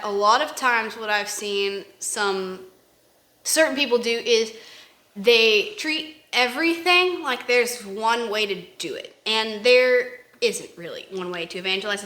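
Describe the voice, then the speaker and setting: A woman's voice: medium pitch, measured pace, bright, forceful tone. A woman co-hosting a casual faith discussion, rambling and acting out examples in quoted voices. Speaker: podcast co-host. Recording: roomy echo.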